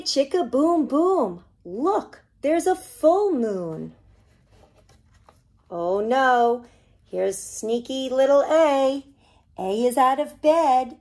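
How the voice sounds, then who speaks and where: A woman, a children's librarian, reading a picture book aloud to preschoolers with animated, singsong storytelling. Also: high voice. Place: library program recorded for online viewing.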